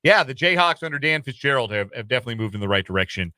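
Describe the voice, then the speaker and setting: A man's voice: mid-range voice, lively intonation, very fast, sharp tone, no echo. A man hosting casual sports talk radio in a studio, rambling and self-deprecating with lots of fillers. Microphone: studio microphone.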